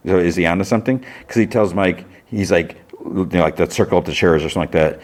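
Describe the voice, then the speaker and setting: A man's voice: deep voice, fast talker. A man hosting a podcast, chatting casually as he retells a TV episode in a loose, rambling way. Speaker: podcast host.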